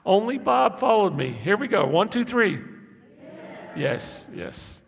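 A male pastor preaches with a heavily gravelly, husky voice. He moves from quiet talk to loud, insistent repetition, and his words ring out with a long reverb in a church hall. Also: sits high, sing-song, normal speed. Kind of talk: sermon.

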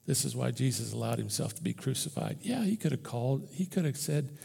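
A man preaching an Easter sermon as pastor, conversational and impassioned, swinging from loud bursts to hushed near-whispers. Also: medium pitch, fairly quick, gravelly, slightly rough, long reverb tail. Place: church.

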